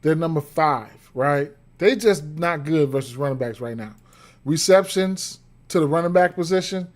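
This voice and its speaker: A man doing casual livestream betting analysis, rambling with frequent fillers and repeated words, interrupted by hiccups. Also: a little high. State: has the hiccups. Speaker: sports betting streamer.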